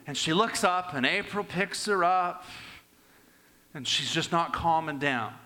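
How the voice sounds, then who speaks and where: An older man preaching a sermon and telling personal stories, swinging between raised and hushed delivery. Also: a little high, measured pace.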